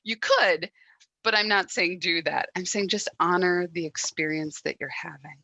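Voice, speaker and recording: A woman giving a reflective sermon, speaking gently with soft pauses and quiet moments. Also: fairly low pitch, no room sound. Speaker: guest speaker at a church service.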